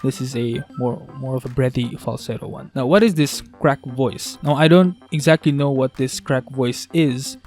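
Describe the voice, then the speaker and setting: A man teaching a beatbox vocal technique in a casual tutorial, talking haltingly with restarts as he works out how to explain it. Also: medium pitch, darkish tone, faint music behind. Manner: halting, restarts, thinks aloud.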